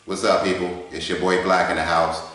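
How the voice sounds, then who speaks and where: A man's voice: low voice, level tone, moderate pace, fairly bright tone. A man voicing a swaggering, profane male debater who talks in heavy street slang, recorded in a garage. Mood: brash, cocky. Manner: heavy street slang, constant swearing, cocky. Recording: echoey garage.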